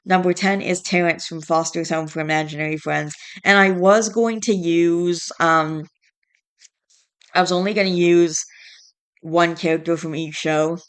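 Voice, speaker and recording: Stressed sleepy woman rambling on her vlog, deep-ish smooth voice, keeps restarting her sentences. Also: steady tone, unhurried. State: tired, fighting yawns. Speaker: vlogger. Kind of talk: casual vlog chat.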